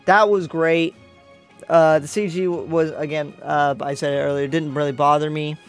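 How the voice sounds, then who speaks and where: A man's voice: on the high side, little pitch movement, normal speed, clean tone, soft background music. A man giving a casual spoken movie review as a YouTube reviewer, rambling and correcting himself with lots of fillers.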